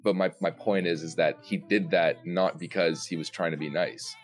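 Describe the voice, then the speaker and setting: Deep-voiced guy on a call, swears constantly, blunt but chill about it. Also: fairly even intonation, moderate pace. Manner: blunt, swears a lot, laid-back. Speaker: guest content creator. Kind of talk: casual heated debate.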